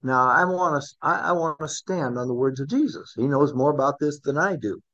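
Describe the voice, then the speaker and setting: A man's voice: expressive, a little fast, fairly bright tone. Man teaching a Bible class, dull recording. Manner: conversational, asks the class questions, rises in pitch for emphasis.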